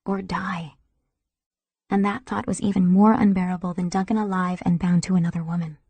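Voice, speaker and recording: A woman narrating a romance audiobook in a soft, intimate way, sometimes dropping to a whisper. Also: lowish voice, fairly even intonation, fast, breathy edge, no room sound.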